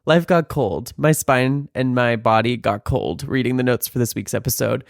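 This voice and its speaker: Male podcast co-host, camp and profane, clear resonant tone, dry sound. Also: mid-range voice, fairly even intonation, moderate pace, no echo. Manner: theatrical, profane, joking. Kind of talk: casual chat.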